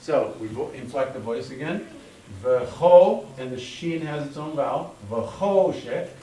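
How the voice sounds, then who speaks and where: A man's voice: medium pitch, normal speed, mellow, recorded from a distance. A male teacher in a classroom, patiently explaining step by step and calling on students. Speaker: Hebrew teacher. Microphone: room mic from a distance. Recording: echoey classroom, recorded from afar, faint hum.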